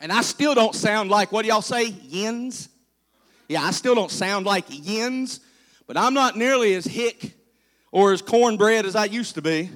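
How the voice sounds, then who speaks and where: A man's voice: high voice, expressive, normal speed, fairly bright tone. A middle-aged man from southern West Virginia, a pastor preaching a humorous sermon with folksy storytelling and playful asides to the congregation, in a southern West Virginia accent. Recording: reverberant church hall.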